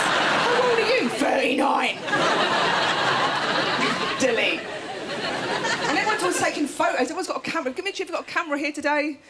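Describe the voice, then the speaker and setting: A woman in her thirties doing a stand-up set, chatty and self-mocking, often breaking into laughs. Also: high voice. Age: 30s. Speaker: stand-up comedian. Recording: loud noisy stage recording.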